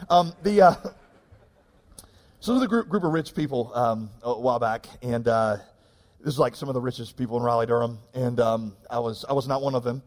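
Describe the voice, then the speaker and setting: Man, 30s, pastor preaching, animated, self-deprecating humor, long hall reverb. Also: medium pitch, brisk. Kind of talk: sermon.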